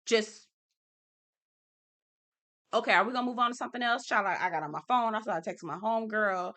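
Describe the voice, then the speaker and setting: Female recap host: bright, forceful delivery, sassy and profane, casual review. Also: mid-range voice, a little fast.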